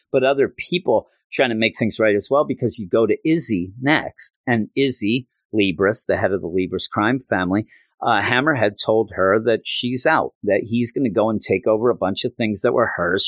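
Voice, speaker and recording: Male podcast host, earnest rambling comic recap, low pitch, dry close sound. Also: a bit bright, dry recording. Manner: earnest, rambling, many fillers.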